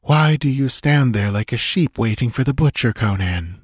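A man's voice: medium pitch, lively intonation, normal speed, breathy edge, no room sound, studio quality, voice pushed up. A man voicing an evil spirit hidden in green witch fire, taunting and cold, its human voice carrying an inhuman edge. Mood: mocking. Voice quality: human voice with strange inhuman vibrations.

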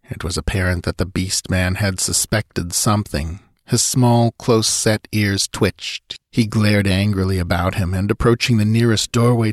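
Man narrating a storybook: low, husky voice, dry close sound. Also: no echo. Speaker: audiobook narrator. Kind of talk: scripted narration.

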